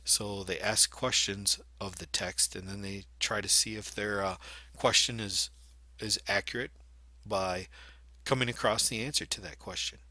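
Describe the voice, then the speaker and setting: Man with a bright, dry voice, teaching. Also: lowish voice, steady tone, unhurried, no room sound. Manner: explanatory, demonstrates by reading aloud. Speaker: reading teacher. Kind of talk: instructional video lesson.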